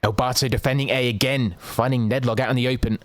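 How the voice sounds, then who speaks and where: A man giving quick, excitable live play-by-play as a game shoutcaster, with casual asides to his viewers. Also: mid-range voice, a little hiss or hum. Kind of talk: live esports commentary.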